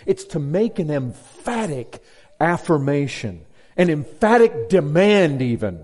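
A man preaching an expository sermon to a congregation, emphatic and direct, repeating key words and dropping low and slow for stress. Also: sing-song. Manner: emphatic, swings between loud stress and low slow drops. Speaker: pastor.

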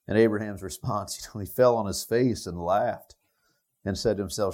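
A man's voice: fairly low pitch, moderate pace, a little mellow. A man preaching a Bible sermon, talking it through with the listeners in a conversational way. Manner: conversational, thinking aloud with the listeners. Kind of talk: expository sermon.

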